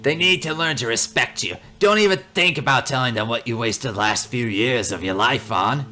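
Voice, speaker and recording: A man's voice: medium pitch, animated, moderate pace, bright, forceful tone. A man voicing a blind, cranky old man in a wheelchair who growls insults at his son in a scratchy voice. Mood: scolding.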